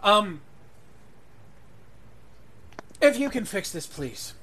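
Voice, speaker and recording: Flustered young count, stammering and overwhelmed, voiced by a man; slightly high, faint noise. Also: sing-song, a little slow, fairly bright tone, heavily acted. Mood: exasperated. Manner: nervous, stammering, swears when stressed.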